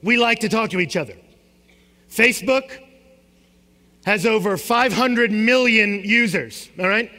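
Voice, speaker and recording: Preaching in a large hall that lends a long reverb, a young pastor uses a very high, bright voice. He alternates emphatic rising questions with low, quiet statements, moving a little slowly and leaving long pauses.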